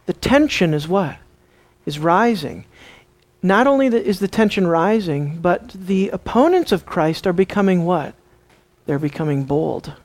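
A male pastor with a high-pitched voice preaches a dramatic sermon, posing rhetorical questions to the congregation and acting out the people in the story.

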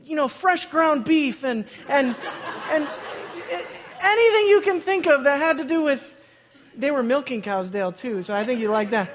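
Excitable high-voiced man telling a story. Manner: laughs often mid-sentence, excited, repeats words. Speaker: speaker telling a story to a live audience. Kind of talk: animated personal storytelling. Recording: long hall reverb.

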